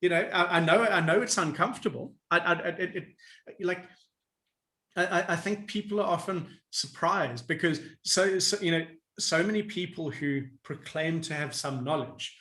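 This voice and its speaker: A man with a high voice speaks as a coach, lively and quick to laugh. He acts out inner voices as he explains his ideas. His voice rings with a roomy echo. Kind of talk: animated interview answers.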